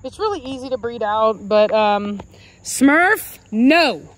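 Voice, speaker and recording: A woman with a drawl talks casually to her viewers, pitched a little high. She rambles and corrects herself as she goes. Dogs can be heard around her. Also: fairly even intonation, moderate pace. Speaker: dog breeder and channel host. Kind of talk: casual vlog talk to viewers.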